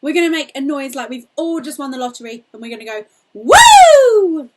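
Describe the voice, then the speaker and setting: A young woman singing teacher leading a cheerful, encouraging warm-up lesson, demonstrating vocal exercises. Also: sits high, fast talker, heavy background noise.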